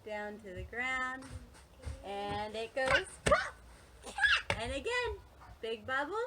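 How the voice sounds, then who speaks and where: A woman with a slightly high voice speaks slowly and in a sing-song way while teaching playful yoga to children and families, singing, telling a story, and imitating animals. Heavy background noise fills the recording.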